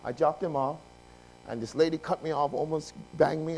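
Animated storytelling male preacher, higher voice. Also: fast talker, creaky, rough recording. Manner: animated, swings from loud outbursts to hushed confession; acts out dialogue in the story. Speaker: pastor. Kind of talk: sermon with personal storytelling.

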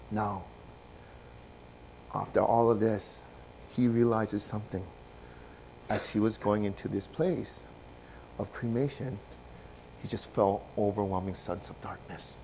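A man preaching a sermon, telling a story with animated swings up to loud, passionate peaks. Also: fairly low pitch, gravelly, slight background noise, rough recording.

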